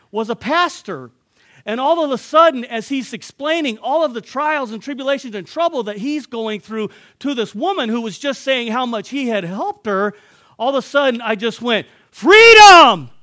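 A man preaching in an animated storytelling way, excitable, laughing and bursting into loud shouts. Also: very high voice, dry recording.

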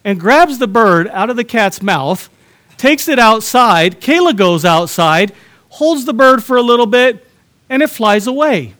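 A man's voice: extremely high pitch, lively intonation, unhurried, fairly bright tone. A middle-aged man preaching a sermon, telling a story with humor and talking straight to his congregation. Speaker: pastor.

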